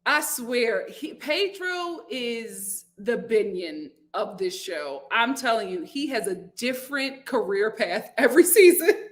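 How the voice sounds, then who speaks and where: A young adult woman hosting a live reality TV review from home, chatting animatedly and reading viewer comments aloud. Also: slow pace. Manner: chatty and animated, jumps to high-pitched exclamations and acted quotes. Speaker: host. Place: home room, lit by a window.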